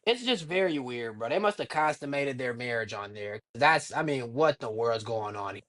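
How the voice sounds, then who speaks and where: A man co-hosting a casual reaction podcast, talking in a relaxed, slangy way and saying "bro" a lot. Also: mid-range voice, moderate pace. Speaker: podcast co-host.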